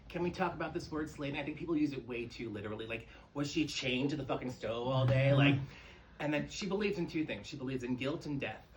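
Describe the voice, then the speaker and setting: A man doing a stand-up comedy set on a club stage, telling campy, profane stories with big swings in pitch and energy. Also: fast talker, background noise. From New York. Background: audience laughter.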